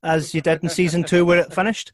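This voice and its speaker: A man hosting a casual interview over a video call, asking rambling, halting questions in a friendly way. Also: fairly high pitch, level tone. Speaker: podcast host.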